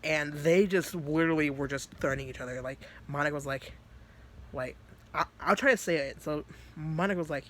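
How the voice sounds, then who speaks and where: A man's voice: a little high, fairly quick, a bit bright, slight background noise. Rambling man telling a story. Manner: rambling, many fillers and restarts, laughs. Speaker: youtuber. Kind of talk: casual storytelling.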